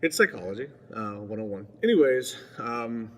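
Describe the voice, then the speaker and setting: A man's voice: mid-range voice, expressive, normal speed, a bit bright, in a large hall. A man rambling casually to camera as a vlogger, digressive and self-mocking.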